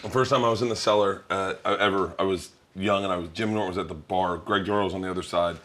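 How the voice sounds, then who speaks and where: A man's voice: low-pitched, steady tone, fast talker, fairly bright tone. A man hosting a cooking show, chatting loosely and rambling through stories with his guests. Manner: rambling, loose storytelling with restarts. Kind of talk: casual banter while cooking.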